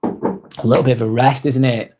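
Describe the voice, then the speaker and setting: A British man hosting a live stream, reading viewer comments aloud and answering them in a soft, sympathetic way with light laughs. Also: medium pitch, steady tone, normal speed, background noise.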